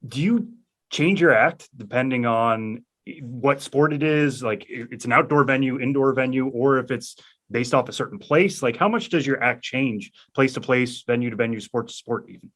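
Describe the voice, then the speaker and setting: A man's voice: medium pitch, normal speed, fairly bright tone. A male podcast host asking a follow-up question in an easygoing way, rephrasing as he goes. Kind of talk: casual interview questions.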